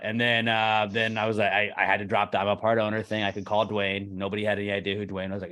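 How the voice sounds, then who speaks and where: A young man with a fairly low voice co-hosts a casual podcast. He tells animated stories, curses freely and acts out both sides of an argument. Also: rapid-fire, few pauses. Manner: animated storyteller, swears freely, acts out quoted exchanges. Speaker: podcast co-host.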